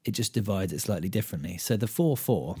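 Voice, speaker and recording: A British man hosting a solo podcast, casually explaining guitar rhythm and thinking out loud, with frequent ums and beats counted aloud. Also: fairly low pitch, animated, fast talker, slightly rough. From United Kingdom. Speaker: podcast host and guitar teacher.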